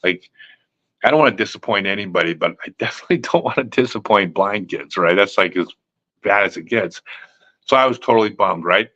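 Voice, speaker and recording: Low-ish bright voice guy spinning a yarn on a livestream, kinda muffled lo-fi audio. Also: fairly quick. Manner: animated, acts out quotes with laughs. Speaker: live stream host. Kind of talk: casual storytelling. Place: home live stream.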